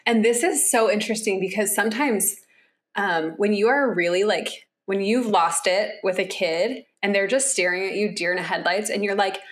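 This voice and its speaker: A woman co-hosting a podcast, explaining with animated delivery and acting out voices she quotes. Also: mid-range voice, moderate pace. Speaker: podcast co-host. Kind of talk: conversational explaining.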